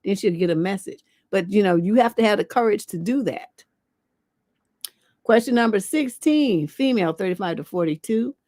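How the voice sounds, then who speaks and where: A woman's voice: mid-range voice, expressive, moderate pace, a little mellow, no room sound. A woman hosting a livestream advice show as a relationship coach, giving blunt, profane, scolding advice.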